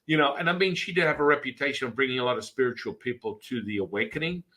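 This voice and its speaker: A man's voice: mid-range voice, very fast, pushed and bright, rough recording. A man, a Taoist priest hosting a podcast, chatting casually and telling rambling stories with acted-out quotes. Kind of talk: casual storytelling chat.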